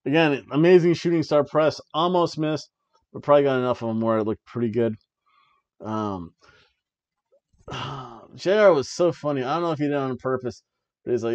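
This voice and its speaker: A man's voice: medium pitch, moderate pace, darkish tone, no room sound, muffled recording. Chatty man recapping a wrestling show. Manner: chatty, laughs often, many ums. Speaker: wrestling review podcast host. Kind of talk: casual recap.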